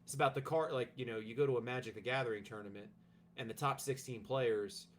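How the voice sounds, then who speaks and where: A man co-hosting a podcast, giving his opinion in casual chat with many pauses and restarts. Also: medium pitch, a little hiss or hum. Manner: hesitant, many ums and restarts. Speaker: podcast co-host.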